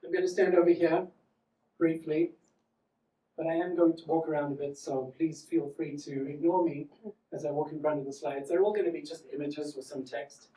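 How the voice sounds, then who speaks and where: A man's voice: fairly high pitch, steady tone, moderate pace, warm tone. A man in his forties with a South African accent, telling wry, self-deprecating stand-up stories on a theatre stage. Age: 40s. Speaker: comedian and solo performer. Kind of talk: stand-up storytelling. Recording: echoey theatre from far off.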